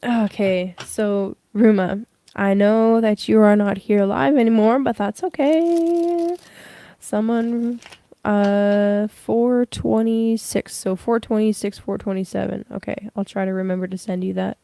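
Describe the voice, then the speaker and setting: A woman's voice: medium pitch, steady tone, unhurried, creaky, mellow. A young woman giving a casual livestream tarot reading, rambling with many fillers. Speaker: tarot reader.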